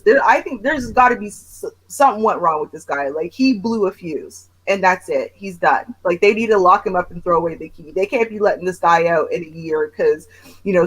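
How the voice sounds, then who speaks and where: A woman's voice: on the low side, husky, poor audio. A woman hosting a casual reaction chat, talking emphatically and with disbelief. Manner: emphatic, incredulous commentary. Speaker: show host.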